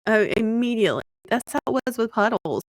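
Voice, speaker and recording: A woman's voice: a little high, expressive, brisk, dry recording. A woman in her thirties chatting casually, talkative, laughing often and swearing freely. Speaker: podcast co-host. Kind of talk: casual chat.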